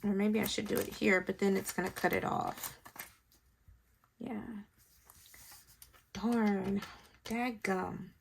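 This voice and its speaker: Taking it slowly with long pauses, a mother and planner vlogger chats casually to viewers while decorating, telling a family story and thinking aloud. Her medium-pitched voice is steady and creaky, with a little hiss or hum present.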